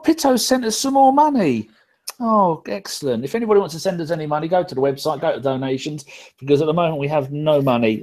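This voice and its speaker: A man's voice: medium pitch, darkish tone. A man hosting a live podcast, reading out viewer comments in a loose, casual way and swearing freely. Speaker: podcast host reading chat. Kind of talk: casual live-stream chat.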